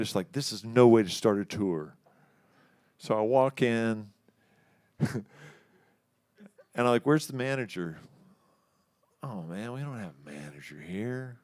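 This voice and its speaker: Houston guitar man, casual raconteur, smooth dry voice, mid pitch. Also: no room sound. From Houston, Texas. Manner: animated, acts out quoted voices, laughs often. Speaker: musician telling a story. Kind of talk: casual storytelling. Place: live studio show.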